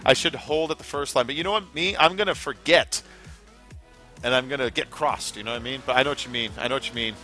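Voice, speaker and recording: A man's voice: medium pitch, fast talker, sharp tone, soft background music. A young man hosting a casual gaming livestream, rambling, swearing freely and answering chat as he plays.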